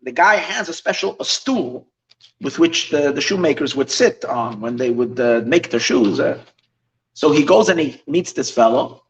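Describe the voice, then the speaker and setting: A man, a rabbi, telling a story in a lesson, animated and halting with many restarts. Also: on the high side. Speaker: rabbi teaching a class. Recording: distant mic, dull lo-fi sound.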